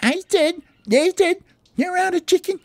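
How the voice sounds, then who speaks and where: A man voicing a frantic little parakeet in toy play, squeaky, shrill and excitable. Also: slow pace, creaky, no room sound, heavily acted. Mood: panicked.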